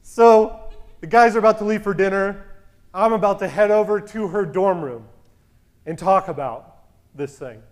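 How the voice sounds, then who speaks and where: A man in his thirties casually telling a story as a podcast co-host, animated and acting out the dialogue in a loud voice that carries. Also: sits high, normal speed, long pauses. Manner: animated, acts out quoted dialogue.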